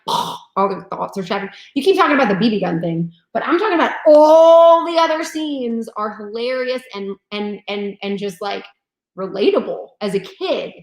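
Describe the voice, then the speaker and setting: A woman chatting casually about movies, animated and acting out scenes as she tells them. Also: fairly high pitch. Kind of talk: casual chat. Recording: echoey room.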